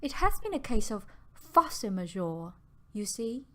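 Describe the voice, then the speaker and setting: A woman's voice: mid-range voice, big pitch swings, unhurried, a bit bright. A woman reading the lines of a troubled young woman in an audiobook, emotional and earnest. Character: proud, troubled young woman refusing a proposal.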